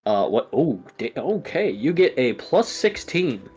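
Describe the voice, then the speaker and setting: A man runs a tabletop game as game master. He narrates in a casual, loose way with fillers and restarts. His voice is mid-pitched and ordinary. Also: very animated, unhurried, darkish tone.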